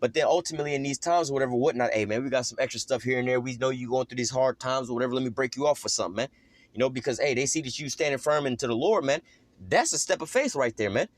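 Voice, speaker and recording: A man preaches a casual scripture lesson, talking quickly and loosely, with "man" and "you know" in nearly every breath. His voice sits at an ordinary middle pitch. The recording is dry and close, with almost no room sound. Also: dry recording. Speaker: lay preacher.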